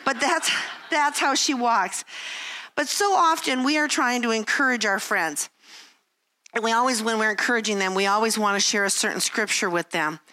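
A woman's voice: a little high, normal speed, sharp tone. An older woman giving a candid devotional talk, telling self-deprecating family stories and acting out what people say. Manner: candid, self-deprecating storytelling with acted-out quotes. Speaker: Christian speaker.

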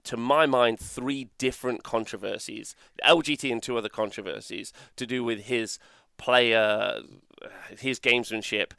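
A man's voice: mid-range voice, steady tone, normal speed, vocal fry, pushed and bright, smooth, no echo. A man hosting a podcast, chatting casually, who rambles, swears and keeps tagging his points with "right?" and "like". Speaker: podcast host. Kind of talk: casual chat.

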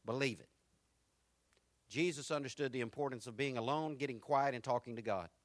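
A man preaching a sermon, moving from quiet, reflective lines to loud, repeated build-ups. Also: medium pitch, brisk, no room sound. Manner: swings from quiet to rising, repetitive preaching. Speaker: pastor.

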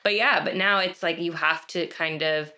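A woman's voice: lowish voice, steady tone, moderate pace, sharp tone. A woman co-hosting a podcast, from New York, talking earnestly and encouragingly in a casual chat. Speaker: podcast co-host.

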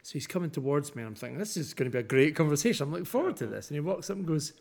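A man's voice: fairly high pitch, very fast, gravelly. A young Scottish man co-hosting a podcast, telling a story in casual chat and acting out the dialogue. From Scotland. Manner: animated storyteller, acts out dialogue. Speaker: podcast co-host.

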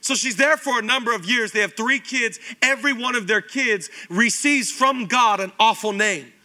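A man in his thirties preaching a sermon as pastor, animated and conversational with lots of repetition. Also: extremely high pitch, moderate pace. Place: church auditorium.

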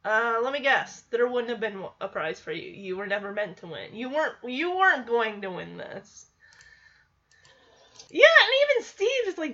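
A woman's voice: fairly high pitch, very animated, normal speed, sharp tone, highs cut off. A woman giving a casual, chatty recap of a TV episode, laughing often and acting out the characters' lines. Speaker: TV show recapper.

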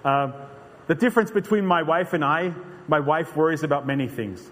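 Man, sermon, earnest and conversational, fairly high voice, long hall echo. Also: normal speed, noisy background. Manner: earnest, conversational, frequent restarts. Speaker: preacher.

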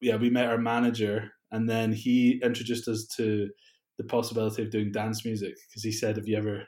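A young man chatting in an interview, relaxed and laughing often between rambling asides. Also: on the low side, fairly quick. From Scotland. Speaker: guest, music producer. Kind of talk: casual interview chat. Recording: roomy echo.

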